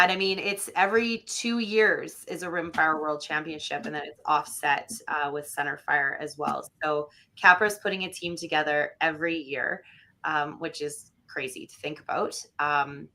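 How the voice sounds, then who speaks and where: A woman from Alberta talks as a podcast guest in a loose, chatty way. Her voice is bright and a little low, full of fillers and lively acted-out quotes. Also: normal speed. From Alberta, Canada. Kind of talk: casual conversational interview.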